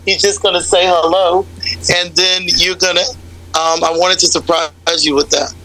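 A woman's voice: on the low side, level tone, moderate pace, sharp tone, slight background noise, poor audio. A woman from the United States, a guest singer, chatting in a radio interview with a talkative, direct manner. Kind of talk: casual radio interview chat.

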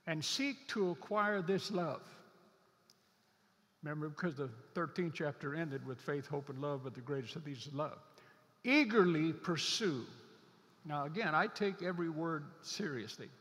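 A man preaching a sermon as a pastor, earnest, slowing down and stretching key scripture words to drive them home. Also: on the high side, long reverb tail.

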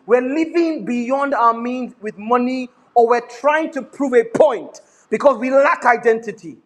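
A middle-aged Nigerian pastor delivers an animated sermon in a fairly high-pitched voice, his Nigerian accent strong. He drifts into pidgin phrases and laughs often between points.

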